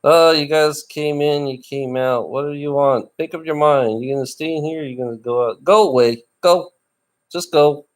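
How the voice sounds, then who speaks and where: A tired middle-aged man livestreaming alone, ranting bitterly and swearing, with rough laughs between complaints. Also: fairly high pitch, fairly even intonation, normal speed, hardly any pauses. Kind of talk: ranting live stream monologue.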